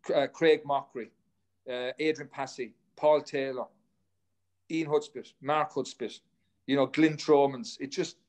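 A man's voice: medium pitch, steady tone, a little slow, a little mellow. Man telling rambling anecdotes. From Ireland. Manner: rambling, anecdotal, swears casually, frequent restarts. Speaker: guest, former runner. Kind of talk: casual storytelling chat.

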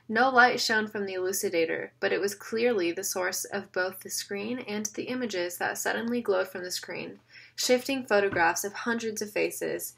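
Gravelly-voiced woman narrating a story. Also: medium pitch, fairly bright tone. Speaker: audiobook narrator. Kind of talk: scripted narration.

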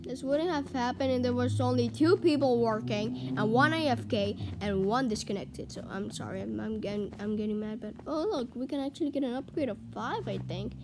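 A woman's voice: on the high side, fairly quick, few pauses, background noise. A woman talking through a video game as she plays, chatty and easily flustered, breaking into frantic panic when things go wrong. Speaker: gaming video creator. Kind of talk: live gameplay commentary.

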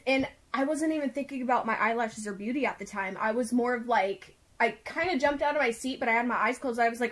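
A young woman with a fairly high voice tells a story in a loose, casual way. She leans on "like" in almost every phrase and sounds earnest and worked up. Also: normal speed. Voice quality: filler-heavy, says "like" constantly. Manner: excited and earnest retelling.

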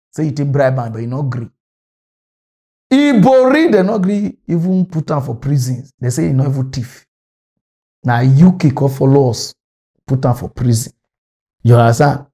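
A man's voice: a little high, dark tone. A man from Delta State, Nigeria, with a Nigerian Pidgin accent, ranting in an agitated, scolding monologue about politics. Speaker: political commentator. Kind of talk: impassioned monologue rant.

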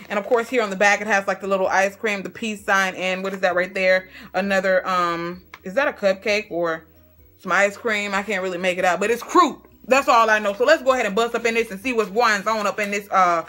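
A woman vlogger chatting casually while opening fan mail, excitable and stumbling over her words, calling viewers girl and y'all. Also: medium pitch, a little fast, faint music behind. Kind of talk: casual chat.

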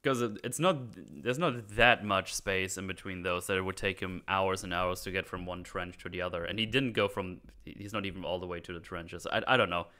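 A man's voice: sits low, fairly quick, hardly any pauses, sharp tone. A man hosting a casual film discussion podcast, talking in a hesitant way with many fillers and restarts. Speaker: podcast host.

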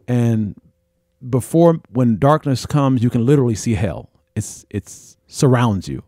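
A man hosting a podcast, recounting his own experiences in a halting, repetitive, earnest monologue. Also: lowish voice, dark tone, no echo, clean studio sound. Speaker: podcast host. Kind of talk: personal storytelling monologue.

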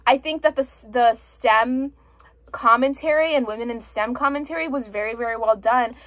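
A woman's voice: a little high, normal speed, fairly bright tone, no echo. A young woman reviewing a book in a casual vlog, ranting with exasperation and frequent swearing.

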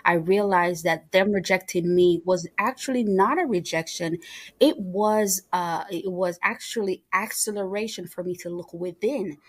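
Brief: lower-pitched middle-aged Jamaican woman, interview guest, lively storyteller. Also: moderate pace, slightly rough. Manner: animated storyteller, acts out quoted dialogue. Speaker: guest entrepreneur.

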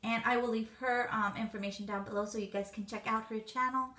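Woman unboxing gifts, high voice, gasps and gushes nonstop. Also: fast talker. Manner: gushing, gasping excitement, soft exclamations. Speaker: vlogger. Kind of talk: gift unboxing vlog.

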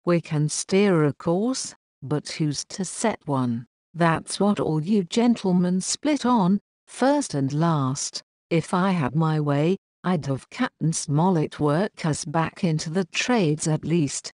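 Storybook pirate cook, old and scheming, lectures his crew in salty dialect; a woman reads him, mellow tone. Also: low-pitched, no echo, studio quality. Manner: folksy sailor's dialect, scolding and persuasive. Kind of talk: audiobook reading.

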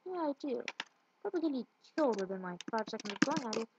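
A woman's voice: fairly high pitch, sing-song, quick pace. A woman giving casual gameplay commentary, rambling and tripping over her words. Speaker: let's play gamer. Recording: muffled lo-fi with loud hiss.

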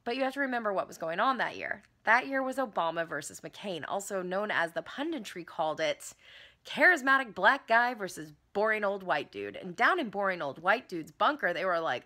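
A woman performing a satirical monologue in a sardonic, profane manner with sudden shouts. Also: mid-range voice, big pitch swings, brisk.

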